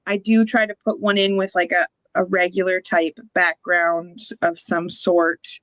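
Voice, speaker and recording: A woman co-hosting a podcast, relaxed and casually explaining listing tips. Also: lowish voice, unhurried, no room sound, low-quality recording. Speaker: podcast co-host. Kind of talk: casual chat.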